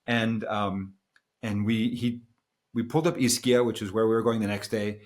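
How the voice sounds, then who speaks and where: Low-voiced middle-aged man telling a story. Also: moderate pace. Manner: relaxed, rambling, with fillers. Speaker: podcast co-host. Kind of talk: casual storytelling chat.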